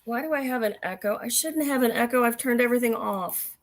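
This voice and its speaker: A woman on a video call in a casual live-stream chat, worn out and starting a sore throat, making flat, weary asides. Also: a little high, a little fast.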